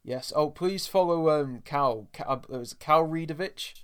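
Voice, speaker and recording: A man's voice: a little high, moderate pace, clean tone. A man hosting a podcast in casual chat, talking to listeners as folks. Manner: chatty, addresses listeners as folks. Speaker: podcast host.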